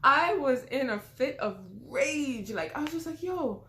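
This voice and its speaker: A young woman vlogger telling a personal story in a lively, expressive way, with casual slang. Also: high voice, a little slow.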